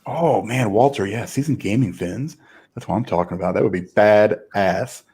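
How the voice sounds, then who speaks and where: A man co-hosting a podcast, talking in an easygoing, agreeable way in quick back-and-forth. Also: fairly low pitch, a little mellow, husky. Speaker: podcast co-host. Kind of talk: casual podcast chat.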